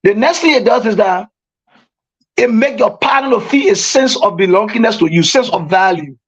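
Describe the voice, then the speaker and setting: A man's voice: high-pitched, lively intonation, moderate pace, slightly rough. A man, a pastor, calling in by phone and explaining his advice in a preacherly manner. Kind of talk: radio call-in discussion. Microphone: phone call. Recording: dull lo-fi phone line.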